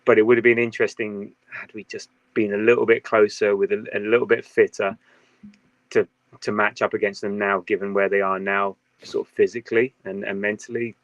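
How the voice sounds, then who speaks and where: Animated man in casual football chat. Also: fairly low pitch, dry recording. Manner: animated, sarcastic, quick to laugh. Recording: dull lo-fi dry sound.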